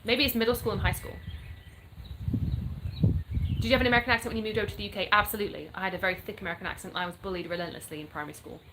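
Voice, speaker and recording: Speaking with fairly even intonation in a mid-range voice, a woman races through her words yet leaves long pauses, with a noisy background behind her. She's a content creator in her thirties with a mixed English accent, born in the US and raised in England. In a casual live chat at home in North Florida, she reads viewers' questions and answers them frankly.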